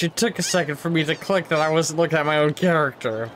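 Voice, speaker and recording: A man's voice: fairly high pitch, fast, hardly any pauses, fairly bright tone, a little hiss or hum. A man giving casual, playful commentary over a video game, muttering to himself and now and then putting on silly voices. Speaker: gameplay streamer. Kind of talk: casual let's-play commentary.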